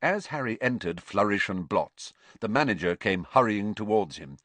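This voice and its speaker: A man reading an audiobook aloud in an expressive, theatrical storytelling manner. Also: on the low side, normal speed, dry recording. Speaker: audiobook narrator.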